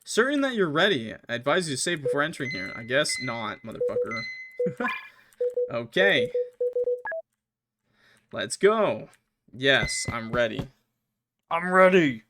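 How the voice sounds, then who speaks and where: A man streaming a game, reading the characters' lines aloud in put-on higher voices between joking and swearing. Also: very animated, measured pace, long pauses, noisy background. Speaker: gaming streamer. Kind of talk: let's play with voiced dialogue reading. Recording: music playing behind the voice. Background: game music.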